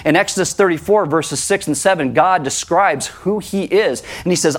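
A man's voice: high voice, normal speed, few pauses. A man, a pastor, preaching a sermon in a conversational way and acting out quotes as he goes.

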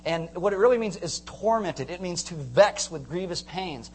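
A man preaching a sermon to a congregation, animated, acting out scenes and joking with the crowd. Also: sits high, normal speed, slight background noise. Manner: animated, acts out screams and jokes with the congregation. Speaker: pastor.

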